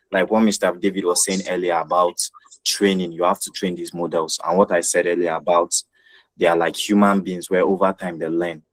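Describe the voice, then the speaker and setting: Low-voiced man presenting an online tech workshop, earnest, repeats himself for clarity. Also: dry recording, poor audio. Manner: earnest, repeats phrases and checks with listeners. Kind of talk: explaining software in an online workshop. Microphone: video call.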